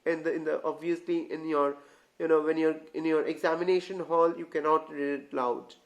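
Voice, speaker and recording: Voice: mid-range voice, flat delivery, normal speed. An English tutor giving an online lesson, who keeps asking the viewers whether they follow, often calls them guys and repeats or restarts phrases while explaining. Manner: addresses learners as guys.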